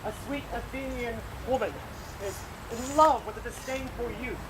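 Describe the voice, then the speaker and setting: A woman playing a commanding male fairy king in a stage play, speaking verse in a stately, measured way. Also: fairly high pitch, crowd noise, close to an everyday voice. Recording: outdoor recording with clear noise.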